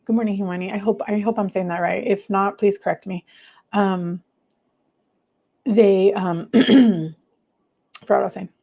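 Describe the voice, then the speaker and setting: A woman hosting a casual livestream, chatting warmly with viewers, gushing and trailing off with many fillers. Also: mid-range voice, steady tone, normal speed, vocal fry, long pauses, lo-fi sound. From United States. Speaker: livestream host.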